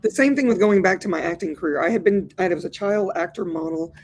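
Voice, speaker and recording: A woman in her sixties, an actor and therapist, talking as a guest in an interview in an animated, colloquial way, calling listeners "y'all". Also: on the low side, fast talker, slight background noise. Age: 60s. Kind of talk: lively interview conversation.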